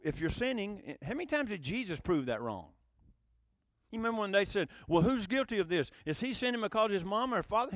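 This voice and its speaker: A man preaching a sermon with a high voice that leaps all over its range. He moves between loud, emphatic bursts and low, quiet asides. The sound is dry and close. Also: no echo.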